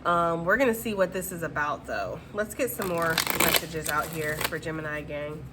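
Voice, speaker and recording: A woman's voice: low voice, normal speed, heavy background noise. A woman giving a casual tarot reading to her viewers, chatty and slangy, often reassuring them and checking in with "okay?". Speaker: tarot reader.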